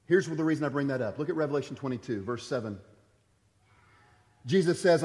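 A man's voice: a little high, lively intonation, moderate pace, pauses often. Preaching man in a reverberant hall. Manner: swings from loud urgent emphasis to quiet hushed asides. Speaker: pastor. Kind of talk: sermon.

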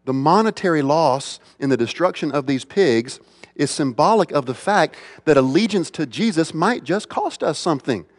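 A man's voice: on the high side, animated, moderate pace. Emphatic male preacher in a reverberant hall. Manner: emphatic preaching with repetition and rhetorical questions. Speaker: pastor. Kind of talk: sermon.

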